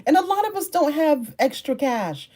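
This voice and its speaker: Animated woman chatting with her viewers. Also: high-pitched, normal speed. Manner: animated, swings between soft musing and excited outbursts; laughs often, talks straight to viewers. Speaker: content creator answering live chat. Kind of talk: casual livestream chat.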